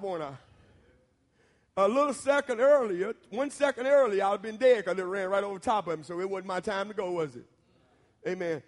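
A Southern American preacher with a fairly high voice tells a folksy story in his sermon and keeps checking in with his listeners. His delivery swells into shouted points. The sound carries a long hall reverb. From Southern United States. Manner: folksy and talks straight to the audience, building to shouts.

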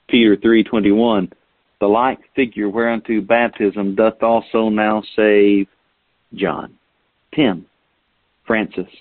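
A man preaches in a low voice, posing question after question to his listeners and reading scripture aloud. The sound is thin and tinny like a phone line, with a dry, close feel. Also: dry recording. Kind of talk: sermon.

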